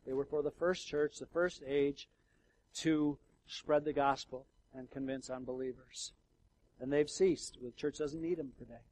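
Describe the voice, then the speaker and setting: A middle-aged man delivering a sermon, his voice sitting somewhat high for a man. He talks to the congregation in a loose, conversational way, with fillers and restarts. His volume swings widely, from a hushed murmur to loud, emotional outbursts. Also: steady tone, unhurried, a little hiss or hum, low-quality recording. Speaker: pastor.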